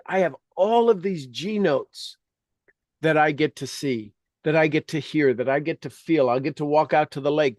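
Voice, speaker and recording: This is a middle-aged man leading a spoken meditation, and he wanders from one story to the next with eager, heartfelt enthusiasm. His voice sits at an ordinary middle pitch. The sound is dry and close, with no room echo. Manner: earnest, enthusiastic, rambling storytelling. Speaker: meditation host.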